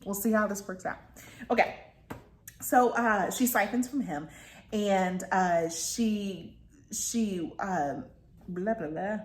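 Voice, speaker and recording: A woman's voice: medium pitch, slow, pauses often. Female book reviewer, casual and chatty, rambling delivery, mid-range voice, roomy echo. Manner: rambling and chatty, with many fillers and asides.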